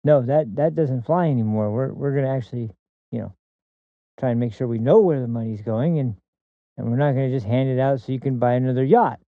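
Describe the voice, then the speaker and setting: A man's voice: medium pitch, fairly quick, dry recording, narrow, tinny audio, close to an everyday voice. A podcast host putting on a brash, swaggering older male politician who brushes people off dismissively.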